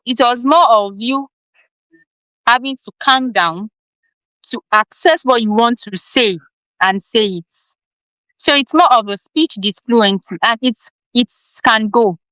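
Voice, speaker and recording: A woman's voice: medium pitch, a bit bright, clean tone, no echo, poor audio. Earnest woman giving advice. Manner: earnest advice-giving, occasional sound repetitions. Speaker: health educator and guest. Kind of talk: interview answers.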